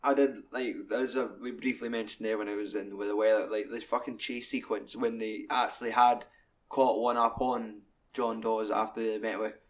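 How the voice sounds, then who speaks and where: A young Scottish man chatting casually about a film, sweary and animated as he retells scenes. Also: fairly low pitch, normal speed. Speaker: podcast co-host.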